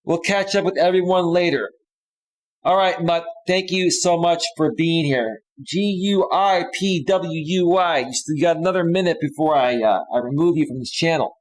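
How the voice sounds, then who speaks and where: A man's voice: on the high side, moderate pace, low-quality recording. A man hosting a live stream, reading viewer comments aloud and answering them bluntly and dismissively. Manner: blunt and dismissive, with frequent restarts.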